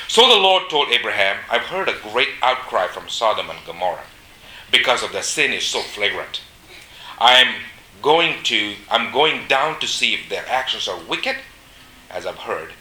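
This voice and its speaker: A man preaching a sermon, reading scripture aloud and then commenting on it with pauses and fillers. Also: fairly low pitch, pushed and bright. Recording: echoey room.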